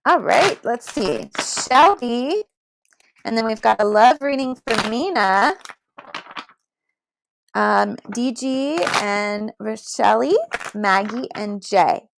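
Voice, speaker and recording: A woman's voice: fairly high pitch, expressive, slow, gravelly, background noise. A woman giving spiritual readings on a casual livestream, chatty and reassuring, who laughs often and speaks into a computer mic at home. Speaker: tarot reader on a livestream.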